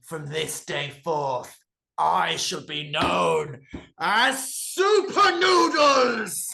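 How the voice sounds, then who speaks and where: A man's voice: expressive, extremely slow, gravelly, roomy sound, exaggerated voice. A man doing a boastful noodle-packet superhero. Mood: triumphant. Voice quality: loud, theatrical, booming proclamations. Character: brash male noodle packet turned superhero.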